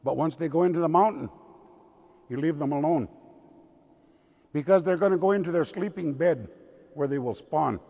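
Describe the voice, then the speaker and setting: An older man voicing Salmon Woman, the calm spirit mother of all salmon, as she gives instructions. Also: a little high, moderate pace, creaky, long pauses. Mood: instructing. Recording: long cathedral reverb.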